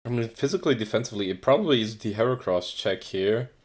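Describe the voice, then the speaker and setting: A young man with a very deep, low voice co-hosts a casual gaming podcast. He is laid-back and dry, walking through each play step by step. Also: lively intonation, fast talker. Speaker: podcast co-host. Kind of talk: casual gameplay commentary.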